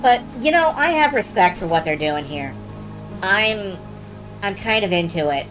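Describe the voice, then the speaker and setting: A woman streaming a game and chatting casually as she plays, wry and excitable, with frequent swearing and running thoughts. Her pitch sits in the middle of the range. Faint game music runs underneath. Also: unhurried. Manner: wry, enthusiastic, swears freely, thinks aloud. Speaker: streamer playing game demos. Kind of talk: casual live-stream commentary.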